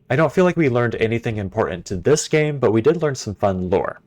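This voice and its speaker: A man's voice: mid-range voice, animated, brisk, few pauses, darkish tone. A man streaming a puzzle game, chatting casually with his viewers and thinking aloud as he plays. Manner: chatty and playful, answers chat, thinks aloud. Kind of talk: casual live-stream commentary.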